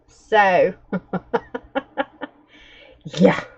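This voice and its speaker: A woman hosting a journaling livestream from home, chatting in a relaxed, gossipy way and laughing between stories. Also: mid-range voice, slow pace, long pauses, husky, muffled recording. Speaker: journaling vlogger, livestream host. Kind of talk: casual gossipy chat while journaling. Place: at home with her dogs nearby.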